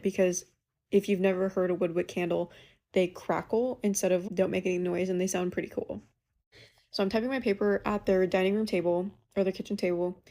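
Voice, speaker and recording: A young woman casually telling a ghost story she lived through, in a chatty, animated way. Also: on the low side. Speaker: caller sharing a ghost story.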